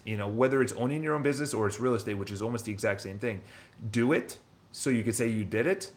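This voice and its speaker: A real estate broker and business owner telling his story in casual, rambling talk, blunt and quick to swear. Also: on the low side.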